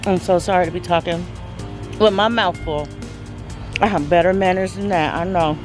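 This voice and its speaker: A woman's voice: lowish voice, steady tone, normal speed, music in the background. A middle-aged woman chatting casually to viewers from her backyard garden, speaking into a handheld phone camera. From Southern California. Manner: chatty, addresses viewers as "you guys", savoring while tasting. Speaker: homesteading vlogger.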